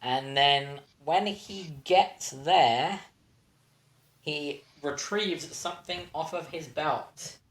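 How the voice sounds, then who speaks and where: A man running a tabletop game as game master, talking in a relaxed, rambling way, often restarting his sentences. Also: fairly high pitch, extremely slow. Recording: roomy echo.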